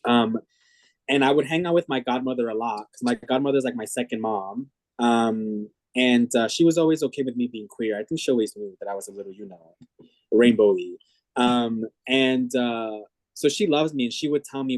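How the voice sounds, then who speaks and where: A man's voice: medium pitch, moderate pace, darkish tone, no echo. A man being interviewed, talking reflectively and openly with frequent fillers and restarts. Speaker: guest. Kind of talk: candid conversational interview.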